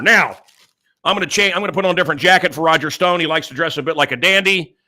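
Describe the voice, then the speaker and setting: Bright-voiced man hosting a rambling show. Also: a little high, fast. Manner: rambling, jumps between topics with many fillers. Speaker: talk show host. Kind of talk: casual monologue.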